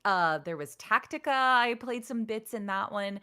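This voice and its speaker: A woman's voice: moderate pace, clear, resonant tone. A woman voice actor telling stories in a casual interview, full of "like" fillers and acting out the quotes she tells. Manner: animated, acts out quotes with big pitch jumps; frequent "like" and "you know" fillers. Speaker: voice actor guest.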